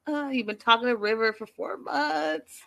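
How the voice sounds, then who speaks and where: A woman casually recapping a reality show, animated and acting out what people said. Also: on the high side, measured pace, creaky. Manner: animated, quotes people in lively voices.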